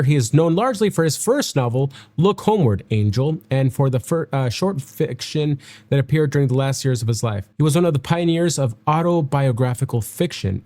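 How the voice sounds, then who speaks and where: A man's voice: a little high, darkish tone. A young man hosting a reaction video, chatting casually and reading notes aloud, often stumbling over names and correcting himself.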